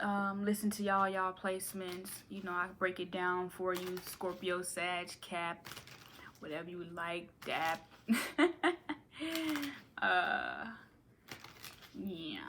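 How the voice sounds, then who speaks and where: A woman's voice: medium pitch, bright, forceful tone, slight background noise. A woman giving a casual tarot reading, playful and rambling, with slangy asides and frequent laughter. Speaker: tarot reader.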